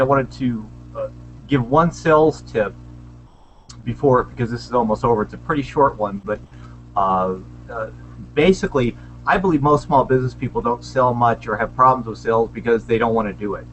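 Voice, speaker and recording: A man's voice: mid-range voice, a bit bright, highs cut off. A man on a panel, chatty and self-deprecating, giving sales tips in a casual video call discussion. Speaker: panelist, small business owner. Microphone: video call webcam.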